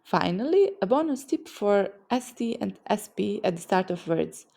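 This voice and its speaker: Woman language teacher, strong vocal fry, gravelly, scripted lesson, lively picture-based explanations. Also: mid-range voice, moderate pace. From Serbian-speaking region. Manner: lively, explains sounds with vivid mental images.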